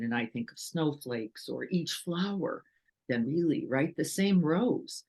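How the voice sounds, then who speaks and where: A woman's voice: low voice, a little slow, husky. A woman meditation teacher giving a casual dharma talk, full of rhetorical questions and acted-out quotes. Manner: animated, asks rhetorical questions, acts out quotes.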